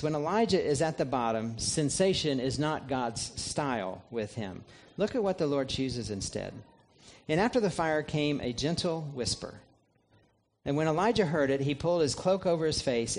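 A man, a pastor, preaching a sermon in an earnest, measured way, reading scripture aloud. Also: mid-range voice.

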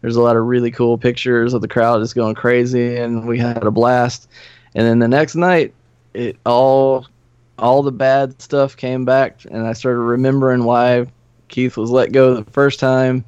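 Man, middle-aged, podcast guest, casual profane storytelling, clear voice, dry dull recording. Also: mid-range voice, little pitch movement, unhurried, darkish tone, dry recording. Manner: laid-back, profane, laughs while telling stories. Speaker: podcast guest, former band member. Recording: slightly muffled dry studio recording.

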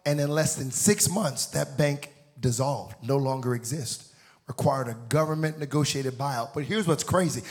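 A man in his forties preaching a sermon, telling a story with acted-out voices and building to shouted, sing-song peaks. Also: mid-range voice, moderate pace. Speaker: pastor.

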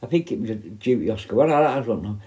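A man's voice: on the low side, lively intonation, fast, warm tone. A man, a former prison officer, telling rambling, heavily sweary stories in casual talk. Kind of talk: casual spoken storytelling.

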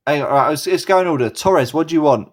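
A man's voice: a little high, fast. A man hosting a casual group voice chat, teasing the others with crude banter.

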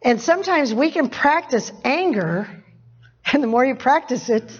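A woman with a bright, high voice preaches in a loose, conversational way, chuckling as she goes and circling back on key phrases. The recording is muffled and lo-fi. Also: expressive, moderate pace. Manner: conversational, laughs often, repeats phrases for emphasis. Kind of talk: informal sermon teaching. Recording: dull lo-fi recording.

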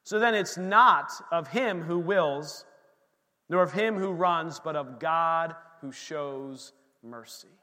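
A man in his thirties preaching a sermon as pastor, animated and joking with the congregation. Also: on the high side, slow pace. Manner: animated preaching with asides and humor. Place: church sanctuary. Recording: long hall reverb from a church room.

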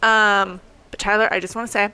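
Bright, playful woman co-host. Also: mid-range voice, little pitch movement, brisk, a little hiss or hum. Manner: playful, laughs often. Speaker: podcast co-host. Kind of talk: casual chat, reading a quote. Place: bookstore with shoppers around.

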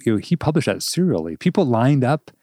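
A man's voice: mid-range voice, sing-song, fast talker, mellow, no room sound, clean studio sound. A middle-aged man talking as a podcast guest, earnest and reflective, laughing often. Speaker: podcast guest, temperament expert. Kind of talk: casual chat.

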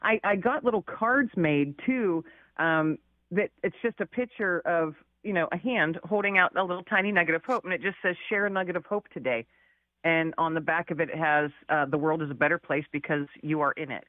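A woman's voice: fairly low pitch, brisk, no room sound, narrow, tinny audio. A woman guest author telling a personal story in a chatty, casual way, laughing often and using many fillers.

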